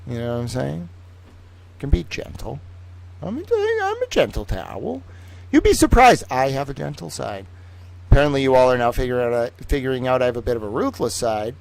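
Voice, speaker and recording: A man hosting a casual livestream, talking in an excitable, rambling, profane way. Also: mid-range voice, a little fast, gravelly. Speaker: livestream host.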